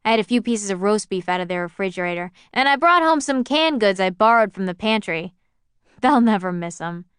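A woman's voice: mid-range voice, animated, fairly quick, clear, resonant tone, no room sound, clean studio sound, lightly acted. A woman reading the lines of a strict, weary middle-aged mother who works as a nurse, scolding her daughter. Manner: scolding, sharp and raised.

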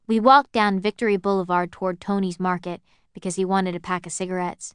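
Smooth-voiced woman narrating a story. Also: fairly low pitch, fairly even intonation, brisk, few pauses, fairly bright tone, dry recording, clean studio sound. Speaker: audiobook narrator. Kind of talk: scripted first-person narration.

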